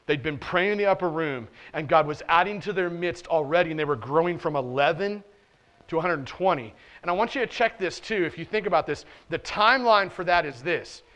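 A man's voice: fairly high pitch, brisk, fairly bright tone. A male pastor giving a sermon in a loose, conversational way, full of "like" and restarts, with playful asides. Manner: casual and conversational, with frequent "like" and restarts; playful asides and short laughs while preaching. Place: church.

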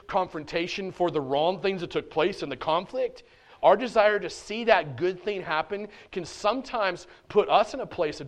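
A man preaching a sermon in church, animated and conversational, with casual slang. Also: sits high. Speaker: pastor.

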